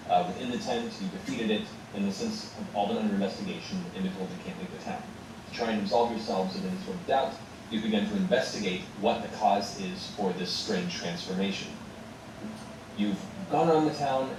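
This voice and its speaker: A man narrating a tabletop game recap as game master, in a loose, halting way with many fillers. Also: fairly low pitch. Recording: very echoey room from a distance, with background noise.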